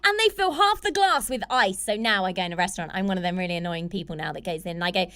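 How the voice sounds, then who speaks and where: A woman's voice: mid-range voice, expressive, fast talker, sharp tone, smooth. A British woman co-hosting a casual chat podcast, chatty and giggly, ranting good-naturedly about small gripes. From United Kingdom. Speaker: podcast co-host.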